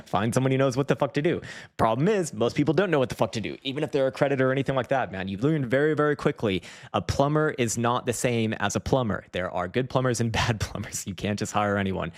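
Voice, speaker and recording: A man's voice: medium pitch, lively intonation, brisk. A man hosting a casual livestream, rambling, swearing freely and laughing often. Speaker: trading livestream host. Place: dim room at home.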